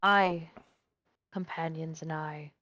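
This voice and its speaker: A woman's voice: sits low, steady tone, pushed and bright, faint music behind, exaggerated voice. A woman playing a courtly male druid. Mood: courteous. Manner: formal, courtly and measured.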